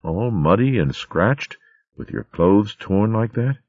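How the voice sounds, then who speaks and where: A man voicing a strong, kindly warrior mouse who speaks gently and reassuringly. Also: on the low side, animated, slow pace, no room sound, highs cut off, voice pushed up.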